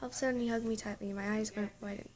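With a crowd audible behind her, a woman reads a fan story aloud in a medium-pitched, fairly even voice at a rapid-fire pace. She stumbles often and corrects herself, breaking off into laughing, exasperated asides as she reacts to the text.

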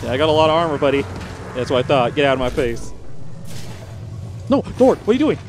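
A man giving live gameplay commentary as a gaming YouTuber, excitable, yelping and pleading under pressure and bragging to his viewers. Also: on the high side, fast, soft background music. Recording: game sound effects and gunfire behind.

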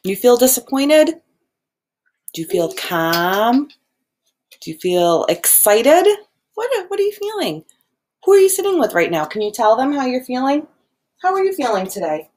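A woman preschool teacher giving a gentle, expressive lesson to young children, acting out each feeling as she names it. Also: a little high, moderate pace, long pauses. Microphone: video recording.

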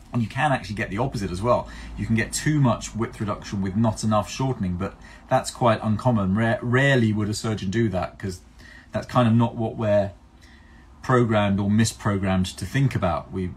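A man who works as a plastic surgeon answers viewer questions in a chatty live-stream Q&A, his medium-pitched voice carrying a little hiss or hum. He explains things step by step, thinks aloud with restarts, and pokes fun at himself.

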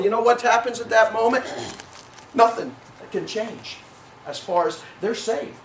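A male pastor preaching with a high-pitched voice, folksy and animated, often rising to a shout. He sounds a bit far from the mic. The church room around him is echoey. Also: slight background noise. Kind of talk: sermon. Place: church sanctuary.

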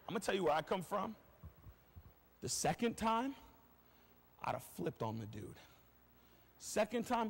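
A male pastor preaching a lively sermon in a church, telling a story in casual slang and swinging between shouts and quiet asides. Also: sits high, a little slow, creaky, long pauses, breathy edge. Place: church sanctuary. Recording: long reverb of a church hall.

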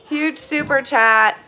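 A young vlogger with a Western Pennsylvania accent chats casually on a livestream from her home kitchen, opening viewer donations in a high, bright, forceful voice while gushing and laughing often. The room is echoey, with clear background noise.

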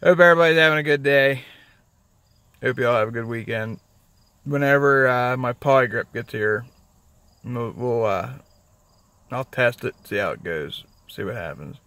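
Gravelly, cursing man vlogging from his car. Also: medium pitch, moderate pace, long pauses, fairly bright tone, no echo. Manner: rambling, profane, self-mocking. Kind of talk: casual vlog talk. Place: outdoors, in a parked car.

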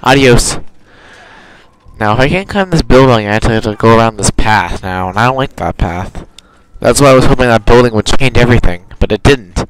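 A man's voice: mid-range voice, expressive, brisk, poor audio. Give me a young man rambling through casual game commentary, often correcting himself. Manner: rambling, self-correcting, chatty. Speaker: gamer. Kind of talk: casual let's play commentary.

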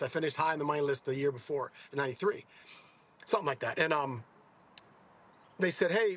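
A husky, fairly high voice belongs to a golfer in his sixties, sitting for a casual interview. He wanders from story to story with lots of animation, correcting himself as he goes.

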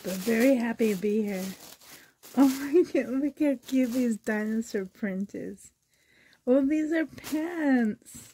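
A woman's voice: fairly high pitch, lively intonation, slow, warm tone, a little hiss or hum. A woman vlogger from Canada unboxing gifts in casual chat to the camera, gushing and exclaiming over each item, sore and a little strained in the voice. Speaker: reborn doll vlogger.

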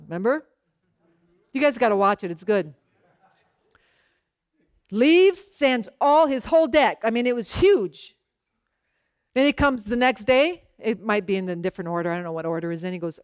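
With lively intonation and a clear, resonant tone, a woman pastor preaches at a moderate pace, leaving long pauses. Her sermon unfolds like a conversation, with frequent check-ins with the congregation and brief acted-out dialogue in a lowered voice. The studio sound is clean, without echo.

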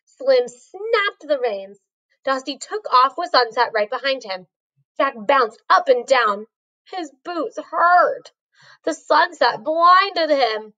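A woman's voice: high-pitched, lively intonation, takes it slowly, sharp tone, highs cut off. A woman reading a storybook aloud, carefully, with a few small slips. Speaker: reader.

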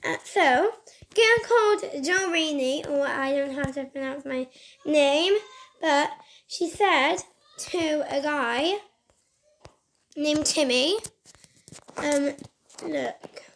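A woman's voice: high-pitched, takes it slowly, long pauses, fairly bright tone, slight background noise. A woman casually retelling a game story in a rambling, scattered way, recorded on a phone mic. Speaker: gaming vlogger.

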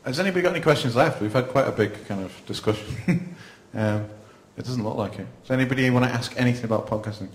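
A man's voice: mid-range voice, fast talker, hardly any pauses. A man speaking to a live audience at an event, chatty and self-deprecating, with frequent laughs. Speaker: panel speaker. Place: event venue, indoors. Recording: echoey room.

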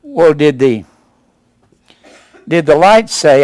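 An older male pastor in his seventies delivers a sermon with a wide-swinging, animated voice. He punches key words loudly, then drops to low, quiet asides. The sound is close and dry. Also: takes it slowly, dry recording. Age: 70s. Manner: emphatic preaching, rising to loud punches then dropping low.

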